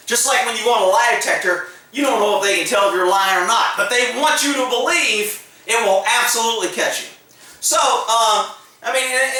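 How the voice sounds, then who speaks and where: A former police officer tells stories in a blunt, joking way. His voice sits high and sounds bright and forceful. It rings around a very echoey room, picked up from some distance. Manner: blunt, joking, acts out quoted exchanges with laughs. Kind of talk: casual storytelling monologue.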